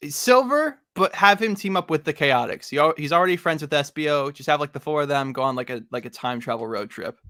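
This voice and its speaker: A young man co-hosting a casual comic review chat, animated and laughing often, trailing off into mumbles. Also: fairly high pitch, fairly quick, hardly any pauses, dry recording, studio quality. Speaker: podcast co-host.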